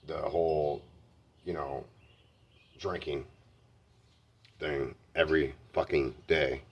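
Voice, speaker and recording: A man's voice: rumbling low, husky. A man telling candid personal stories in a blunt, heavily profane way. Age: adult. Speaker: vlogger.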